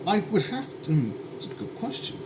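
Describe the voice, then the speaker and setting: Chatty British man with a lively voice. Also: high voice, moderate pace, background noise. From United Kingdom. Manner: chatty and wry, with tangents and dry asides. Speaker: streamer cooking live. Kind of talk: casual cooking stream chat. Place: home kitchen.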